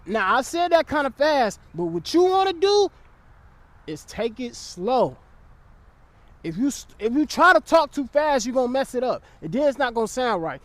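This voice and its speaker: A man's voice: extremely high pitch, sing-song, moderate pace, dry recording. A young man giving blunt, profane dating advice in a casual vlog, often checking in with the listener.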